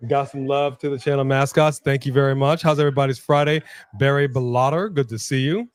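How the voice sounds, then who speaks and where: A man's voice: medium pitch, fairly even intonation, brisk, smooth. A man co-hosting a casual live watch-along stream, upbeat, greeting viewers by name and hyping the chat. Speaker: livestream co-host. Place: Los Angeles.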